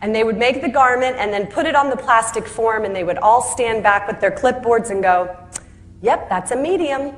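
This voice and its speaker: Brisk and slightly high-voiced, with few pauses, a woman founder tells her story in a speech. She keeps it lively and self-deprecating, playing the people she quotes and laughing at her punchlines.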